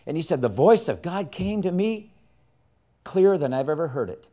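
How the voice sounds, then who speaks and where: A man teaching a session on evangelism in a sermon style, telling a story with strong emphasis and dropping to hushed tones when quoting. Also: on the high side, big pitch swings, normal speed. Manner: impassioned, swings from loud emphasis to hushed quoting.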